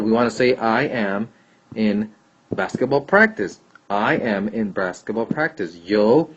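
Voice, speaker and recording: A man's voice: medium pitch, slightly rough. A man teaching a Spanish grammar lesson, patiently repeating and checking answers aloud. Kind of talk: classroom lesson explaining grammar. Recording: dull lo-fi recording.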